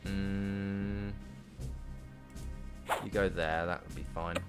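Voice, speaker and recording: Male streamer, lowish voice, easygoing play-by-play over game music. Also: little pitch movement, very slow. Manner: chatty, talks to game units as mates. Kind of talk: casual gameplay commentary.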